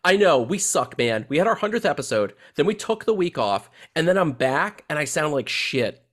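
A man's voice: on the high side, sing-song, moderate pace. A man hosting a casual podcast, congested from a head cold, profane and joking as he talks. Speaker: podcast host.

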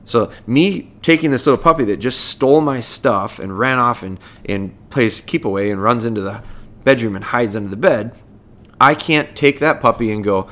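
A man's voice: medium pitch, moderate pace, pushed and bright. A man hosting a podcast as a dog trainer, explaining things in a casual, conversational way and breaking points down step by step.

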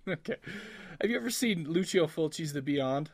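A man's voice: a little high, moderate pace. A man co-hosting a podcast in casual chat, joking and laughing often. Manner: laughs often, jokey and animated. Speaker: podcast co-host.

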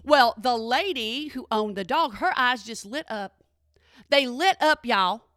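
A middle-aged woman telling a story in a chatty, animated way and often checking in with her listeners. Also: fairly high pitch, measured pace, dry recording, studio quality. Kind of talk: casual spoken storytelling.

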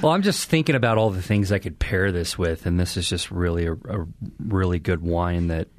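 A man's voice: deep voice, brisk, heavy background noise. A man co-hosting a radio show and trading dry wisecracks. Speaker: radio co-host. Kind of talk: casual on-air chat.

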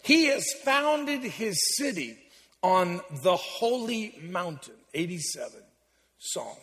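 A man's voice: high voice, very animated, takes it slowly, a bit bright. A man, preaching a sermon as a guest speaker in a large church, joking and emphatic. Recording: long church reverb, faint music.

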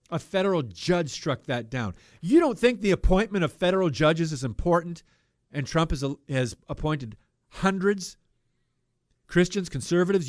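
A man's voice: fairly high pitch, dry recording, clean studio sound. Impassioned preachy man on talk radio. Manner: heated, preachy, swings between loud outbursts and quiet asides. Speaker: radio show host.

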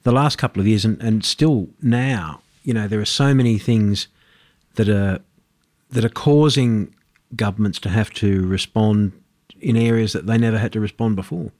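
A man's voice: on the low side, normal speed, darkish tone, dry recording. A man hosting a radio talk show, chatty and self-deprecating, with frequent restarts, on a studio microphone. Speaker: radio host.

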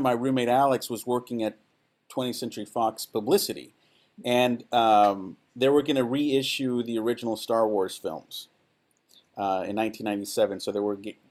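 A man from Texas whose first language is Spanish, a film director telling animated, enthusiastic stories as an interview guest. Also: medium pitch, moderate pace. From El Paso, Texas. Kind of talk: casual anecdotal storytelling.

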